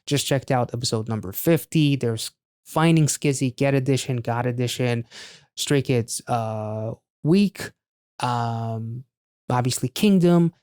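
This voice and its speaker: A man's voice: medium pitch, measured pace, a little mellow, clear, resonant tone, no echo, studio quality. A man hosting a music reaction video, chatting casually and exclaiming over the song. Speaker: reaction channel host.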